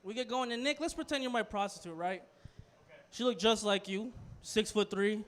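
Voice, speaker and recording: A young man with a high voice tells a rambling stand-up story in a small comedy club. He drops to a mutter for asides, then gets loud for the punchlines. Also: moderate pace. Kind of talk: stand-up set.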